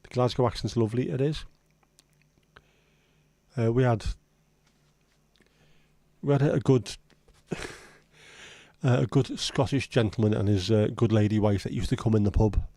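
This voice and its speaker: Male livestream host, rambling and blunt, mellow low voice, dry close sound. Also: fairly even intonation, a little slow, long pauses, no echo. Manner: rambling, chatty, blunt with occasional swearing. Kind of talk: casual livestream chat.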